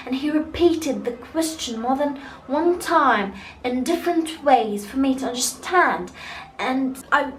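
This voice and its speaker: High-voiced young woman vlogging in an echoey room. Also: lively intonation, unhurried, a little hiss or hum. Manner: chatty, many fillers and restarts. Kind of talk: casual storytelling vlog. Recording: echoey room with faint ambience.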